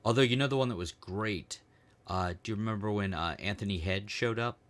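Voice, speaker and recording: Co-hosting a podcast, a middle-aged American man chats casually, joking and rambling and fumbling for words with trailing ums. His voice is fairly low, a bit bright, and fairly quick.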